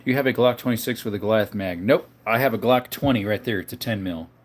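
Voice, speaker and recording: Talking at a quick pace in a fairly low voice, a livestream host from Arizona, US, reads viewer comments aloud. He answers their questions one at a time in a laid-back, casual manner.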